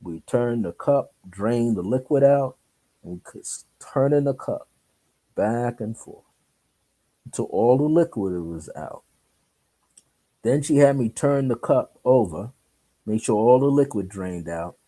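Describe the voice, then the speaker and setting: Mellow-voiced man telling a story. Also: medium pitch, expressive, a little slow, long pauses. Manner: acts out dialogue, laughs often. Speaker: interview guest. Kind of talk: animated personal storytelling.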